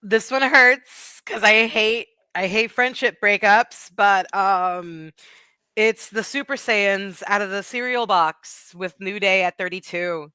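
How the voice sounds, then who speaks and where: A woman's voice: medium pitch, slow, bright, forceful tone, clear, resonant tone, dry recording. A woman guest on a wrestling podcast, chatting casually and gushing in a rambling way about her favorite moments. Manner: gushing, rambling fan talk. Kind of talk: casual chat.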